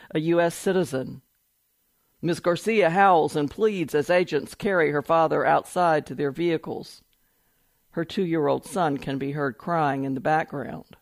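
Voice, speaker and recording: Man reading a news story, slightly high voice, dry close sound, steady and measured. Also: dry recording. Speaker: article reader. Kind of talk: reading a news report aloud.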